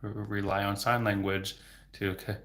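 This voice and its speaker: Low gravelly man who stutters heavily. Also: level tone, normal speed, a bit bright. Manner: heavy stutter with repeated sounds and words. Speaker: livestream host and speech therapist. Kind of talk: casual livestream Q&A.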